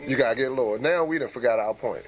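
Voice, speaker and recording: A man in a barbershop talk, telling reflective stories in a level, monotone way. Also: mid-range voice, fast, a crowd in the background. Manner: calls himself monotone, reflective storytelling. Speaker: barbershop discussion participant. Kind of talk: casual group chat.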